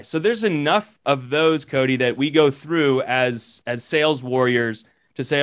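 A man's voice: mid-range voice, measured pace, fairly bright tone, clear, resonant tone. A man who works as a commercial real estate broker and mentor, giving sales advice in a rambling way with many restarts. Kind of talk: casual podcast advice.

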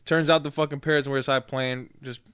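A young man co-hosting a podcast, telling stories in relaxed casual chat, swearing often and repeating himself. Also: medium pitch, a little fast, clean tone, dry recording, clean studio sound. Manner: laid-back storytelling, swearing, repeats "you feel me". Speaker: podcast co-host.

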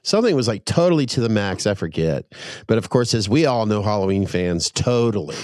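A man's voice: lowish voice, expressive, fairly quick, a little mellow, no room sound, studio quality. A middle-aged man hosting a podcast, chatting casually and swearing now and then, then reading the show's outro plug. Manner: laid-back, swears, reads outro plug. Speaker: podcast host. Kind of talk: casual chat.

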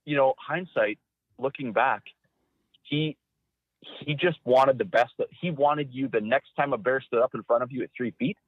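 A man recounting hunting stories as an interview guest, animated and acting out quotes in a raised voice. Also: medium pitch, moderate pace, no room sound. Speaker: guest, former hunting cameraman. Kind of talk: storytelling interview. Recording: dry, phone-like narrow sound.

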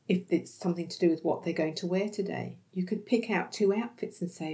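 A woman hosting an educational podcast on dementia care, explaining calmly and acting out sample dialogues. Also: on the low side, normal speed, few pauses.

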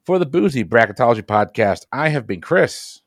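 A man hosting a movie podcast, briskly moving things along and signing off. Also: medium pitch, big pitch swings, dry recording, clean studio sound. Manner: brisk, wraps up the show. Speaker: podcast host.

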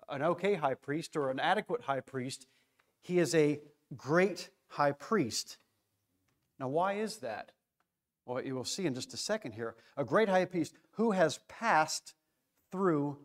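Excitable man teaching a Bible study. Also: a little high. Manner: excitable, restarts often, stresses key words.

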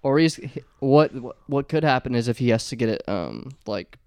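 A man's voice: medium pitch, animated, moderate pace, darkish tone, smooth, dry recording, clean studio sound. A man co-hosting a podcast with his brothers in playful, rambling chat. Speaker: podcast co-host. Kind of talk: casual chat.

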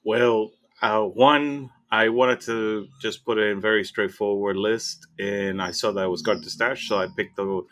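A man's voice: on the low side, steady tone, measured pace, few pauses, fairly bright tone. A man co-hosting a podcast, chatting casually and enthusiastically about a tabletop game, often restarting his words. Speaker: podcast co-host. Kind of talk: casual game recap chat.

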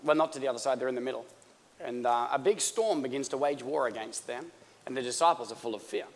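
An Australian pastor with a mid-range voice talks fast as he preaches a sermon, starting conversational and joking before building toward fervor. Long church-hall reverb surrounds his voice.

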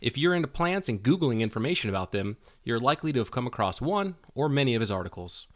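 A man's voice: mid-range voice, very animated, fast, dry recording, clean studio sound. A man hosting a podcast interview, chatty and jokey, with lots of fillers and restarts. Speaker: podcast host. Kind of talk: casual interview chat.

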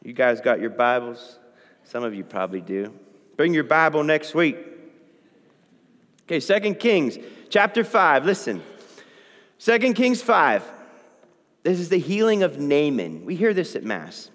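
In a long, reverberant hall, a man delivers a sermon and reads Scripture at an unhurried pace, pausing often. His fairly high, fairly bright voice has a sing-song quality, and he chats with listeners, checking in again and again with "okay?".

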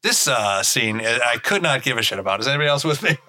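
A man's voice: mid-range voice, lively intonation, fast, sharp tone. A man in his thirties co-hosting a casual podcast, riffing and joking through a movie commentary. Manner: jokey, riffing, frequent laughter. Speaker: podcast co-host.

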